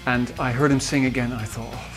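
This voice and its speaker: A man with a Dutch accent, a musician recalling studio sessions in a halting way with many fillers. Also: medium pitch, little pitch movement, a bit bright, faint music behind. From Netherlands. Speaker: musician and producer. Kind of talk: behind-the-scenes recollection.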